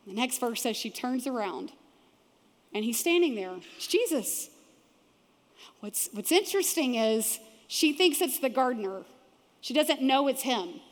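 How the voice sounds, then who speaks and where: High-voiced woman pastor preaching in a large hall. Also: unhurried. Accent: Texan. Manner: animated, acts out voices of the people in the story. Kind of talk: sermon. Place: large church auditorium. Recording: long hall reverb from a church auditorium.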